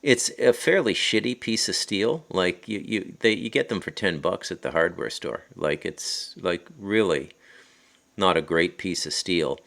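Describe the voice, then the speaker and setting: A man's voice: deep voice, a little slow, creaky, a bit bright. A Canadian man with an Ottawa Valley accent, talking into his phone at his rural home and telling a story in a rambling, digressive way with many restarts. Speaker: podcast host and author. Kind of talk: casual storytelling monologue.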